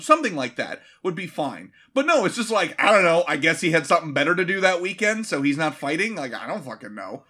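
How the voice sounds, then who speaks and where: A man's voice: a little high, very animated, a little fast, hardly any pauses, bright, forceful tone. A man in casual movie-review chat, sarcastic and profane, mockingly acting out characters. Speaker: podcast co-host.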